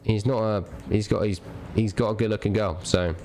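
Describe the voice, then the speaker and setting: A man's voice: lowish voice, steady tone, moderate pace, dark tone, a little hiss or hum. A young man streaming a game, ranting casually, profane and rambling with lots of restarts. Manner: rambling, profane, repeats himself.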